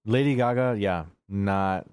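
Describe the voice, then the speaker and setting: A man's voice: fairly low pitch, a little slow, a little mellow, smooth. A man co-hosting a podcast, chatting casually about movies in a loose, rambling way, with plenty of fillers and swearing. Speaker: podcast co-host.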